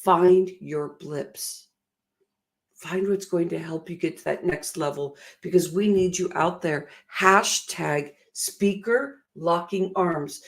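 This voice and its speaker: A woman's voice: on the low side, vocal fry. A middle-aged woman giving an emotional, earnest motivational talk, often laughing at herself. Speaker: motivational speaker.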